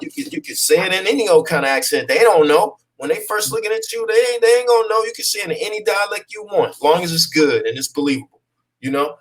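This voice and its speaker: A man's voice: on the high side, a little hiss or hum. Laid-back man talking as guest. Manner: laid-back, peppers talk with "you know what I'm saying". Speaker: actor being interviewed. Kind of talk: casual conversational interview.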